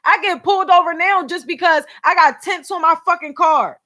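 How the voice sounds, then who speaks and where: A young woman from Philadelphia, a vlogger and podcast host, rants bluntly with heavy profanity on a live stream, upset and near tears. Her voice is extremely high-pitched and sharp, at normal speed.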